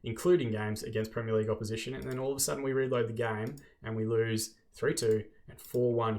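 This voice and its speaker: An Australian man hosting a football management video game series, narrating match play with exasperated, self-deprecating commentary. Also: mid-range voice.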